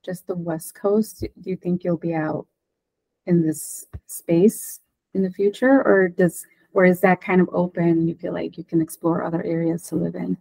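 A woman's voice: fairly low pitch, steady tone, normal speed, vocal fry, mellow, breathy edge, no echo, rough recording. A woman hosting a podcast interview, chatty and conversational as she asks questions. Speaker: podcast host. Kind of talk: casual interview chat.

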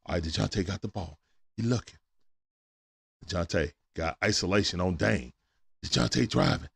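A man hosting a live stream from home, calling a game play-by-play in a casual, excitable way that swings from hushed asides to sudden shouts. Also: sits low, normal speed, vocal fry, long pauses, husky. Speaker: stream host. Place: at home at night.

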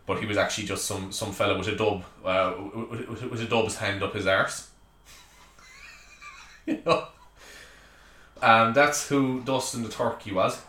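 With a lowish, fairly bright voice, this Irish podcast host runs his solo comedy show from a small home room that echoes. His chatty rant is full of joking asides.

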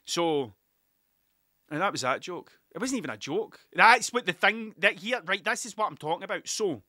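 Bright, sweary Scottish storyteller man. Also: sits high, expressive, moderate pace, no room sound, studio quality. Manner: sweary, rambling, laughs at himself. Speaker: musician telling stories. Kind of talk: casual storytelling monologue.

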